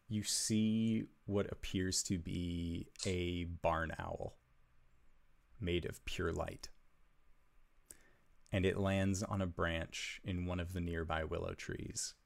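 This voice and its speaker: A man running a tabletop game, unfolding the scene in a slow, measured, hushed storyteller's voice. His pitch is very low with a gravelly creak, and his delivery stays flat and even. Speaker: game master.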